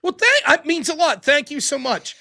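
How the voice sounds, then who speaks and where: High, bright-voiced Pittsburgh man hosting. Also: sing-song, normal speed, creaky. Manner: chatty, swears freely, playful. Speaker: call-in show host. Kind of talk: casual chat.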